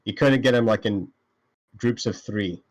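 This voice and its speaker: A man's voice: on the low side, measured pace. A man playing a tabletop game, joking and hesitant with fillers. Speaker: player. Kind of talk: casual tabletop game chat.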